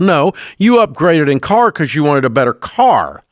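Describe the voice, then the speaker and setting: A man's voice: a little high, big pitch swings, unhurried, dry recording, studio quality. A man in his sixties with a Southern American accent, hosting a call-in radio show in a blunt, emphatic, scolding way.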